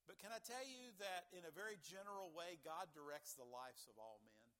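A man with a high, light voice preaches a sermon in a church. He keeps it folksy, cracking small jokes and asking the congregation questions. His calm teaching sometimes rises into loud, excited bursts. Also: normal speed. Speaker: pastor.

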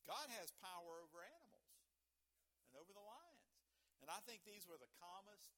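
Preacher guy, high voice, keeps asking the church "right?" and chuckling as he goes. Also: animated, fairly quick, pushed and bright. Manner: conversational preaching with frequent "right?" asides and chuckles. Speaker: pastor. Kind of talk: sermon.

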